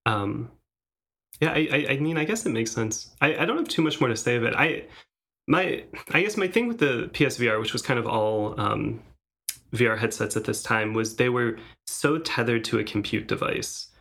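A man co-hosting a podcast, talking casually and hesitantly with many pauses. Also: medium pitch, expressive, gravelly, pushed and bright, husky. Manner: hesitant, many fillers and restarts. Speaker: podcast co-host. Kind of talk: casual tech chat.

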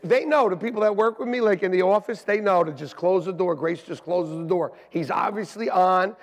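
A male pastor preaching a lively storytelling sermon. He acts out quoted voices and swings between loud and soft. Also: high voice, gravelly, husky. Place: church sanctuary. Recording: long reverb in a large church hall.

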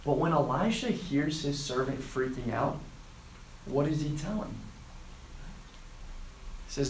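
A man preaching to students, retelling a scripture story and acting out the quoted lines with lively emphasis. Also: on the high side, a little slow, long pauses, reverberant, a little hiss or hum, poor audio. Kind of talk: sermon to a student group.

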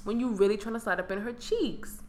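A woman's voice: mid-range voice, a little fast, roomy sound, a little hiss or hum. A young adult woman co-hosting a casual chat show, ranting bluntly and profanely about everyday annoyances. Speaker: podcast co-host.

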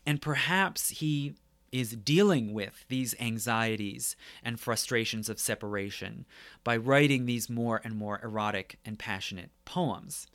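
A man's voice: mid-range voice, a little slow, a bit bright, dry recording. A man lecturing on poetry in a conversational way, often checking in with his listeners. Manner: conversational, tags points with "right?". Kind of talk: academic lecture.

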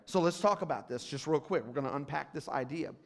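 A man preaching a sermon as pastor, calling out to the congregation and swinging between hushed asides and loud, rising appeals. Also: fairly high pitch, quick pace, gravelly.

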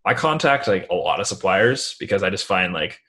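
Deep-voiced man, loose and chatty. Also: fairly quick. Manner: relaxed, rambling, many "like" fillers. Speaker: guest, online seller. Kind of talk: casual interview talk.

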